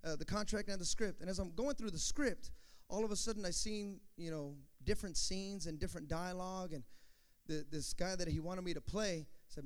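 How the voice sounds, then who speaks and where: A man who was once a youth pastor, telling a testimony story in an animated way, acting out the dialogue with playful asides. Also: high-pitched, moderate pace.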